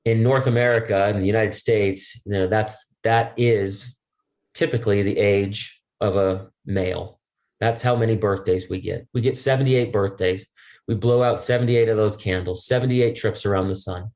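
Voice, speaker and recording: A middle-aged man, a podcast guest, telling stories in a lively, jokey way. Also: fairly low pitch, normal speed. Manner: lively and jokey, acts out quoted voices. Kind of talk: animated storytelling.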